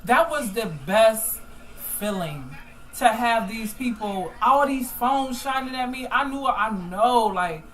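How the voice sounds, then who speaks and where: Animated woman telling a story, faint hiss. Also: a little high, takes it slowly, poor audio. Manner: animated, emotional, swings loud and soft. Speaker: host of a group call. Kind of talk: casual storytelling chat.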